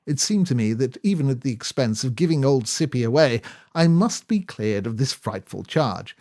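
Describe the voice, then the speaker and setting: A man's voice: mid-range voice, lively intonation, normal speed, darkish tone. A man narrating a comic novel in a breezy, jaunty first-person manner. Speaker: audiobook narrator.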